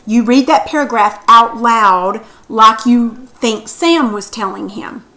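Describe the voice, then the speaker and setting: Woman teacher, bright voice, slightly high, patient questions, reading lesson. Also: takes it slowly, rough recording. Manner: patient, questioning, reads aloud expressively.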